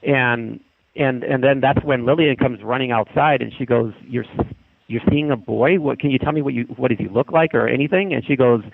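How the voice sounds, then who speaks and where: Gravelly man telling a story over the phone. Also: mid-range voice, fairly quick, no echo. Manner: animated, acts out quoted voices, frequent restarts. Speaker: podcast guest. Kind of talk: casual storytelling. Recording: tinny dry phone line.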